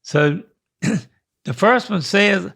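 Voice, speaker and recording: An older man, co-hosting a podcast in a rambling, folksy way with halting restarts. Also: high voice, lively intonation, gravelly, sharp tone, husky. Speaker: podcast co-host. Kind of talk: casual podcast chat.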